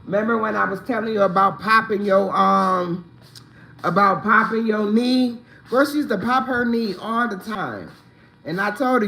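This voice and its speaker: A man's voice: high voice, moderate pace, vocal fry, pushed and bright, a little hiss or hum, rough recording. A man chatting casually on a home livestream, rambling and greeting viewers by name. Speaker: livestream host. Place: at home, indoors.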